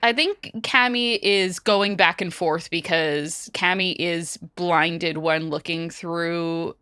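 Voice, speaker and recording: A woman's voice: on the low side, fairly even intonation, slow pace, sharp tone, smooth, no echo, studio quality. A woman player in a tabletop game, chatty and explaining her moves in detail.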